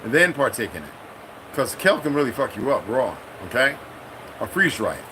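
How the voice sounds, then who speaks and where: Over a noisy background, a middle-aged veteran talks in a loose, meandering monologue that's profane and streetwise. His male voice is sing-song and brisk, punctuated by abrupt high-pitched outbursts.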